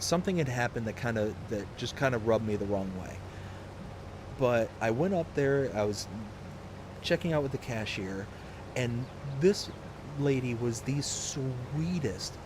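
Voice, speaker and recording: A man's voice: mid-range voice, noisy background. Upbeat rambling male streamer. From US South. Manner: upbeat, rambling, reads chat aloud. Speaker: livestream host. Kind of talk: casual live-stream chat.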